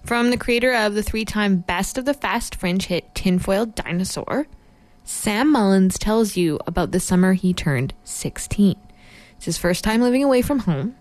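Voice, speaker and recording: A woman's voice: medium pitch, expressive, moderate pace, a little mellow, dry recording. A woman hosting a campus radio arts show, reading a guest introduction and asking playful, teasing questions. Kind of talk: reading an intro, then interviewing.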